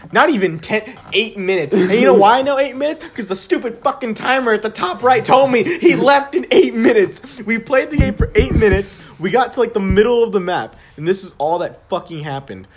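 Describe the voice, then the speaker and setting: A man's voice: sits high, animated, normal speed, few pauses, a little hiss or hum. A young man in casual chat, telling a profane, ranting story and laughing often.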